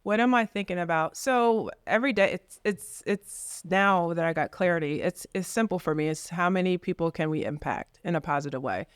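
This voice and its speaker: A woman real estate agent as a guest on a casual podcast, telling stories in a lively way and acting out the voices she quotes. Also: on the low side, moderate pace, few pauses, clean tone, no echo, clean studio sound. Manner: lively storyteller who acts out quoted voices.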